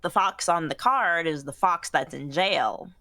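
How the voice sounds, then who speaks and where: A woman's voice: on the low side, unhurried, sharp tone, no echo. A woman giving casual game commentary, thinking aloud. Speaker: game streamer.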